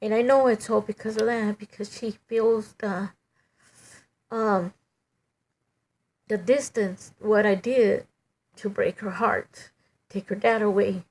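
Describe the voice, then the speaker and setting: A middle-aged woman giving a halting, emotional personal testimony, full of "you know" and restarts. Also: mid-range voice, fairly even intonation, darkish tone.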